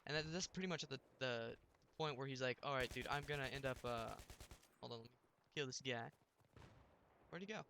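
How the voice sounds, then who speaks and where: A man's voice: mid-range voice, brisk, vocal fry, pauses often, bright, forceful tone, slight background noise. A young man telling a rambling story while commenting on his gameplay, with many restarts.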